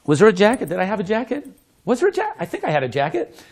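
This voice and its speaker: A man with a high, very lively voice tells magic stories and jokes to a small indoor audience. He laughs as he talks and loudly acts out what people said, then demonstrates a trick. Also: rapid-fire. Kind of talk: animated storytelling with demonstration.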